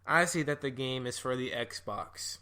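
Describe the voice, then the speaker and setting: A man's voice: mid-range voice, a little slow, pushed and bright. A young man co-hosting a podcast, telling stories in a laid-back, easygoing casual chat. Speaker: podcast co-host.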